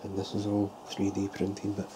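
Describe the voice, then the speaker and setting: A fairly low-pitched man speaks in a monotone at a moderate pace, casually showing the model trailer he made at home. This show-and-tell vlog has him thinking aloud with loose restarts, and background ambience noise comes through clearly.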